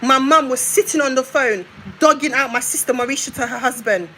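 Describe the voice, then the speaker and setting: A woman's voice: high-pitched, brisk, bright, forceful tone, slight background noise, low-quality recording. A young woman on a live stream, ranting in a confrontational way and hammering her points home with repetition. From United Kingdom. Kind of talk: heated live-stream rant.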